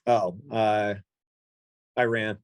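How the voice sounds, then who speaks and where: A middle-aged man, a guest on a podcast, answering questions briefly in a relaxed way. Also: fairly low pitch, drawn-out words, smooth, no room sound. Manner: short, laid-back answers. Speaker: guest, company founder. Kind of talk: casual interview answers.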